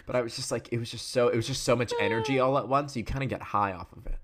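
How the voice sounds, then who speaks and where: A man's voice: medium pitch, steady tone, fast, a little hiss or hum. A young man in his twenties telling a story in a casual, rambling way, full of fillers and tangents. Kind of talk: casual chat.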